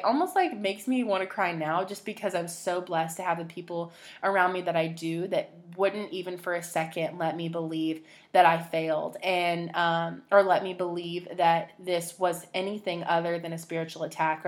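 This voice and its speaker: A young woman hosts her podcast with a slightly low voice. She tells a personal story in a rambling, emotional way, full of "like" and restarts. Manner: rambling, emotional, heavy use of "like". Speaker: podcast host.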